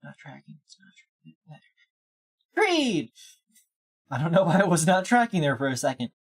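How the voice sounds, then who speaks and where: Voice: medium pitch, fast talker, breathy edge. A VTuber game streamer chatting casually, goofy and self-mocking. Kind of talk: casual livestream chat.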